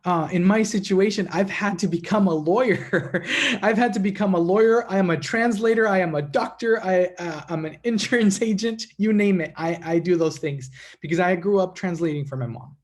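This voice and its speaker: Animated man speaking to a congregation. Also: high-pitched, normal speed. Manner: animated storytelling, addresses the audience as friends. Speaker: guest speaker at a synagogue. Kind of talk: speech to a congregation.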